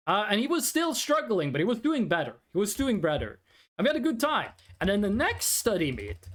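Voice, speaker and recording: Animated young streamer. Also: mid-range voice. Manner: blunt, swears freely, animated retelling with quoted voices. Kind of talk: casual storytelling on stream.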